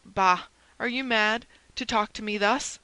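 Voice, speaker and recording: A woman's voice: medium pitch, unhurried, sharp tone, dry recording, poor audio. A woman reading the part of a proud, haughty English duke in an audiobook, her voice lifted and indignant. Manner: imperious, indignant.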